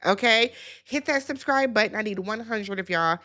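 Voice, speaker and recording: A woman hosting a casual reality-TV recap, chatty and animated, talking straight to her viewers. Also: mid-range voice, moderate pace. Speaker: YouTube reality-show recap host.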